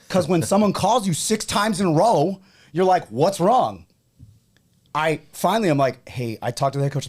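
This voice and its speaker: A young man with a New England accent hosts a casual podcast chat. His voice swings widely in pitch as he tells stories, laughing and slipping into quoted voices along the way. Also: fast, husky. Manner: animated storyteller, laughing and dropping into quoted voices. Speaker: podcast host.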